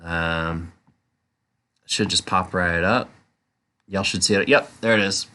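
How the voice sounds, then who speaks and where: A man's voice: low voice, steady tone, takes it slowly, sharp tone. A man co-hosting a casual movie chat show, laid-back and trailing off with fillers. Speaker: podcast co-host.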